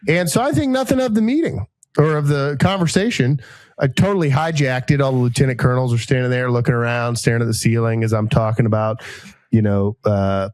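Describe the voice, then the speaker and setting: A man's voice: mid-range voice, fairly quick, a little mellow, no echo. Man from South Carolina telling stories. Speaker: podcast co-host. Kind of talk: casual chat and storytelling.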